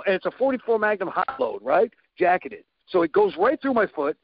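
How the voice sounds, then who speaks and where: A man telling a story in a casual chat, animated, acting out sound effects and quoted lines. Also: high voice, a little fast, husky, lo-fi sound.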